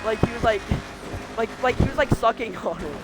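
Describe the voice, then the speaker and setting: A podcast co-host with a notably high voice for a man rambles through a story, laughing between fillers. Steady hiss runs under the recording. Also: a little fast. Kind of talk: casual storytelling.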